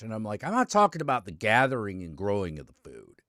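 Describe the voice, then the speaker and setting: A man hosting a casual chat, animated and opinionated. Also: fairly low pitch, fast talker, dry recording, clean studio sound. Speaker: host.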